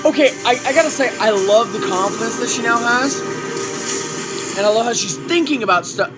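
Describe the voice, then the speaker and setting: A man hosting a reaction video, talking casually and excitedly to his viewers about what he is watching. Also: extremely high pitch, fairly quick, over loud music. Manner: excitable, emotional, chatty. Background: TV show audio playing.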